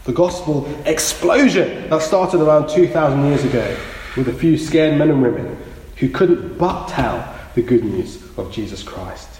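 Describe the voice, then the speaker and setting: A man's voice: on the high side, lively intonation, unhurried, a little mellow. A man preaching a sermon, earnest and exhorting, repeating his key phrases. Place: church. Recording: echoey church hall, faint noise.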